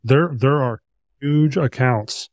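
A man's voice: medium pitch, slow, darkish tone, no echo, studio quality. A man hosting a podcast, chatting casually, rambling and swearing as he tells a story. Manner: rambling, profane, with restarts. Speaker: podcast host.

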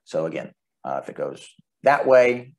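A man teaching a relaxed, folksy lesson on Greek letters and marks, with chuckles and restarts. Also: low-pitched, moderate pace, gravelly. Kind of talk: casual instructional lesson.

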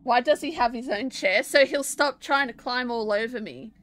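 A woman's voice: a little high, normal speed, fairly bright tone. A young woman with an Australian accent, chatting casually and giggling as she streams from home, answering her chat while she plays and draws.

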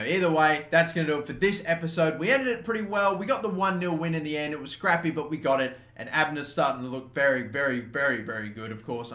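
Excitable young man, swearing gameplay commentary. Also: on the high side. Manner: excitable, swears, swings between yelling and muttering. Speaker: gaming YouTuber. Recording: echoey room, faint ambient noise.

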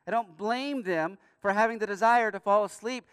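Guy preaching a sermon, high smooth voice, big hall reverb, earnest, gets loud then goes quiet. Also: normal speed, hardly any pauses, clean studio sound. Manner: earnest preaching, rising emphatic bursts and quiet asides. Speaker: pastor. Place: church sanctuary.

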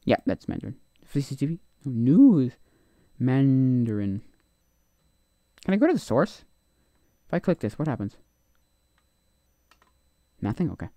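A man's voice: medium pitch, big pitch swings, measured pace, long pauses, mellow, no room sound. A man casually commenting on a live stream, rambling and opinionated, often trailing off into mutters.

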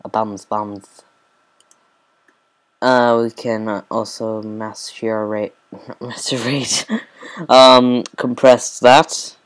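Slow, rambling man narrating gameplay. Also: on the low side, level tone, clear, resonant tone. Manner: rambling, mumbled asides, frequent fillers. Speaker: let's play host. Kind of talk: casual gameplay commentary.

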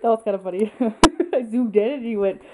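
A woman friend chatting casually off camera, quick to react and laugh. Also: on the high side, very noisy. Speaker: friend in vlog. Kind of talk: casual chat.

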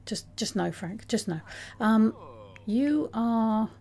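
A woman's voice: fairly high pitch, animated, slow pace, dark tone. A woman giving casual, chatty commentary on her game, talking to her characters and laughing often. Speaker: let's play host.

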